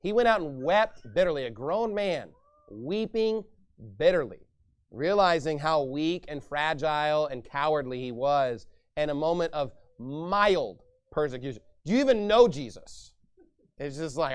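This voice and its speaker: A male pastor preaching a sermon and reading scripture aloud, emphatic, swinging from hushed asides to loud declarations. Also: fairly high pitch, animated, moderate pace, clean tone.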